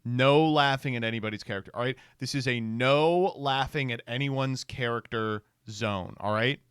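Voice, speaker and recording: A man riffs sarcastically through online posts on a stream, laughing often and reading lines aloud. His pitch swings widely and his voice sounds smooth and resonant. The sound is close and dry. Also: dry recording. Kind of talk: casual stream commentary.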